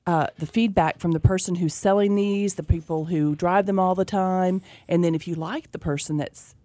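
A woman's voice: fairly low pitch, steady tone, normal speed, mellow, no room sound. A woman co-hosting a radio talk show, explaining her view thoughtfully in casual chat. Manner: thoughtful, explaining, with "you know" and "right?". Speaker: radio co-host.

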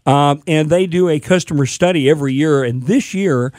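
A man's voice: a little high, moderate pace, a little mellow, dry recording. A man co-hosting a radio talk show, joking with colleagues and explaining survey findings. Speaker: radio co-host. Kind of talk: casual radio chat.

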